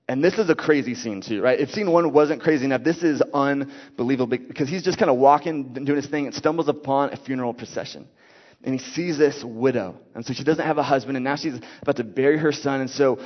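A man preaching a casual sermon, reading scripture and explaining it in a conversational way, full of fillers and "right?". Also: medium pitch. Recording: dull sound with long hall reverb.

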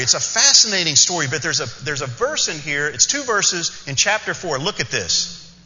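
A man preaching a sermon, retelling a story with lively asides to his listeners. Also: high voice, big-room sound, highs cut off. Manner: animated storytelling, quick asides to the congregation. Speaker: pastor.

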